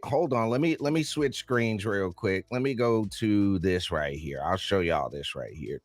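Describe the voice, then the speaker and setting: A man's voice: medium pitch, no echo. A man co-hosting a political talk show, emphatic and incredulous, laughing often as he comments.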